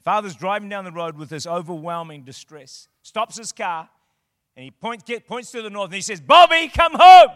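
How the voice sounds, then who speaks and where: High-voiced man preaching with fire. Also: normal speed, no echo, studio quality. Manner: impassioned preaching, rising to shouted declarations. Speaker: pastor. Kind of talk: sermon.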